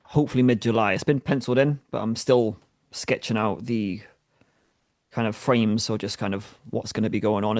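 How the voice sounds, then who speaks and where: A man from England with a Norfolk accent, a rock musician chatting as a guest in a casual interview, friendly and quick to laugh. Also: mid-range voice, darkish tone, dry recording, studio quality. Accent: Norfolk English.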